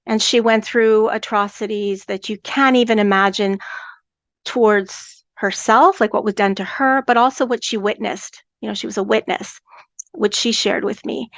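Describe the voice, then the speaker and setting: A woman's voice: fairly high pitch, dry recording. A woman hosting a podcast, speaking earnestly with stammered restarts. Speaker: podcast host. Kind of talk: podcast conversation.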